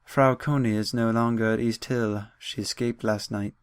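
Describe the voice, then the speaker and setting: A man voicing a male doctor in a game, putting on an odd accent and speaking slowly and gravely. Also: on the low side, level tone, no echo, natural voice. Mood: calm, grave.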